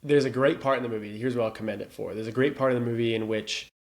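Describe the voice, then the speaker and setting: Podcast dude debating a movie, keeps restarting sentences, middle voice. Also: male voice, mid-range voice, steady tone, fast, gravelly. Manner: argumentative, hesitant restarts. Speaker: podcast co-host. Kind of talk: casual chat.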